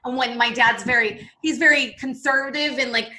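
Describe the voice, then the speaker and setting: Woman podcast guest, bright higher voice, emphatic and candid, salty language. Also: steady tone, fairly quick, few pauses, poor audio. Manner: emphatic, swears freely, quotes herself. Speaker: podcast guest, business coach.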